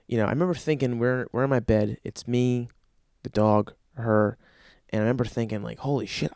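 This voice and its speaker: A man's voice: lowish voice, mellow, clean tone, dry recording, studio quality. A young man telling a rambling, profane comic story about his own life. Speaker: comedian.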